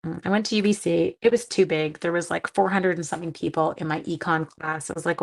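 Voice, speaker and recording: Gravelly and lowish, her voice keeps a steady tone at a brisk clip. She's a middle-aged woman demonstrating crafts on a casual home livestream, chatty and self-deprecating, welcoming viewers by name and joking about what she gets wrong.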